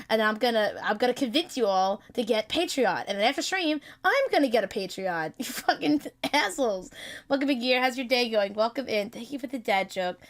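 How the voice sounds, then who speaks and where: A woman streaming live in casual chat, excitable and laughing often, with bursts of mock-outraged swearing. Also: on the high side. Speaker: streamer hosting a chat with creators.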